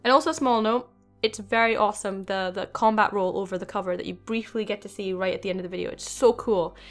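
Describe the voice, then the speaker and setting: A young woman hosting a gaming channel, talking in an excited, rambling way with many fillers. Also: mid-range voice, fast, faint music behind. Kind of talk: casual video game commentary.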